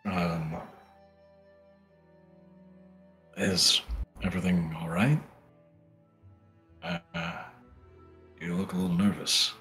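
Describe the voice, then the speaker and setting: A man voicing a polite, nervous young man who speaks softly and hesitantly. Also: sits low, flat delivery, slow, soft background music, voice pushed down, full character voice. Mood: concerned. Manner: hesitant, soft-spoken.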